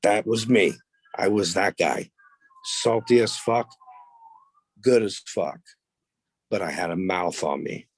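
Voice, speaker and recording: A low-voiced man tells stories as a podcast guest, blunt and full of swearing. He talks with a cocky edge. The sound is close and dry, with no room behind him. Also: slow pace, pauses often, dry recording. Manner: blunt, profane, boastful. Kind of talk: casual storytelling interview.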